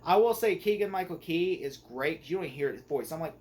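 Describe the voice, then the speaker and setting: A man's voice: a little high, animated, fast, few pauses, darkish tone, slight background noise. A young man giving a casual spoken movie review, rambling with many fillers and restarts.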